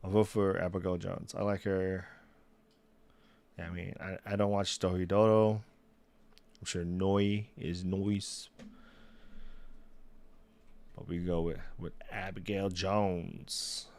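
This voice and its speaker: Low-voiced young man rambling on a stream. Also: flat delivery, takes it slowly, gravelly, pauses often, darkish tone. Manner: rambling, self-interrupting, laughing at himself. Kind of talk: casual solo livestream chat. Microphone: desk mic.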